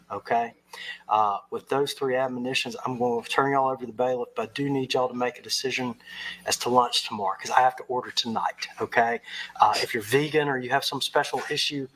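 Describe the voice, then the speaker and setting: A man's voice: medium pitch, a bit bright, slight background noise, low-quality recording. A man presiding as judge, giving plain, folksy instructions to the jury and the lawyers. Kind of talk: courtroom instructions.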